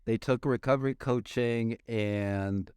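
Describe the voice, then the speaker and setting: A man's voice: medium pitch, fairly even intonation, slow, darkish tone, smooth, no echo. Joking man podcast host. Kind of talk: casual podcast interview.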